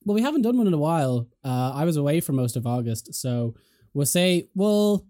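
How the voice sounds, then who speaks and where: Giggly, lively podcast host. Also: medium pitch, fairly quick, dry recording, clean studio sound. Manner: laughs often, swears casually. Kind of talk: casual chat. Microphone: headphones.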